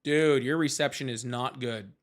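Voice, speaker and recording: A young man hosts a live political call-in stream, debating callers casually in a mid-range voice at a moderate pace. His talk is loose and profane, packed with fillers and restarts.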